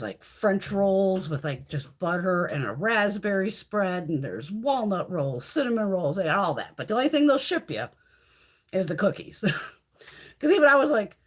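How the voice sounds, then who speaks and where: A woman's voice: medium pitch, breathy edge. A middle-aged woman hosting a casual beauty live chat, swearing freely and talking to her viewers. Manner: chatty and profane, reads out viewer comments. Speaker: beauty livestream host.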